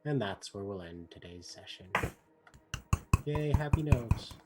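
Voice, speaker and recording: A man narrating a tabletop game as game master, painting scenes slowly with restarts and filler words. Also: on the low side, lively intonation, heavy background noise. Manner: slow, descriptive narration with frequent restarts and softening fillers.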